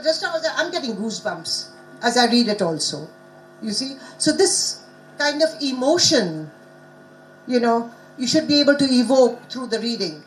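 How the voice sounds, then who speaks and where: A woman's voice: sits high, slight background noise, low-quality recording. A woman who is not a native English speaker, presenting a conference workshop on pronunciation and questioning her audience. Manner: engaging, asks the audience questions. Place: conference hall.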